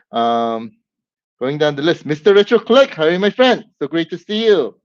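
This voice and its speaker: A man hosting a live stream, whooping and greeting viewers by name with lots of excitement. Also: on the high side, moderate pace, no room sound. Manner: hyped, whooping, warm greetings to chat. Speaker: livestream host. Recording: dull lo-fi stream audio.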